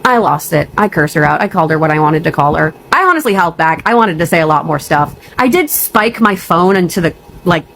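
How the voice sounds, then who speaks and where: A woman's voice: mid-range voice, fairly bright tone, a little hiss or hum, rough recording. A young woman telling a storytime vlog, ranting and upset, blunt and profane, on the verge of tears. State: near tears.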